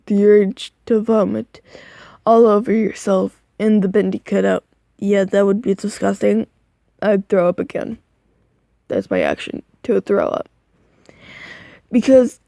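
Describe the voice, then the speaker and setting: A woman's voice: medium pitch, expressive, slow, creaky, long pauses, dark tone, no room sound. A sleepy, yawning woman reading a second-person fan story aloud into a phone, stumbling over words and stopping to comment on the text. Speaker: reader of fan fiction. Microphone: phone microphone.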